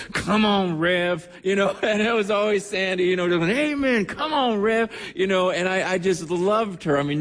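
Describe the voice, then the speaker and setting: A man preaching a sermon as pastor, telling stories with emotion and frequent restarts. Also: medium pitch. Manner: storytelling, emotional, many restarts. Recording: long hall reverb.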